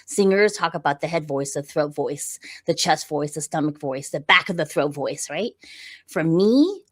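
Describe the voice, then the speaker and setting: Woman, middle-aged, low pitch, animated explainer, conversational podcast guest. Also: normal speed. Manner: animated and explanatory, frequent "right?" check-ins. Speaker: podcast guest, visibility coach. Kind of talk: conversational interview.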